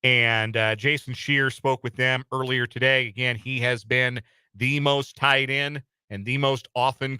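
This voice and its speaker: Crisp, bright-voiced male sports radio host. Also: mid-range voice, no room sound. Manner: casual, chatty, with frequent uh fillers and repeats. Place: radio studio. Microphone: studio microphone.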